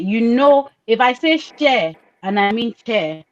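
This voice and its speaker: A woman's voice: a little high, animated, slow pace. A woman from Nigeria living in Britain, speaking passionately and emphatically on a video call, repeating her points for stress. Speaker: podcast co-host. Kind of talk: casual discussion on a video call. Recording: slightly dull lo-fi call audio.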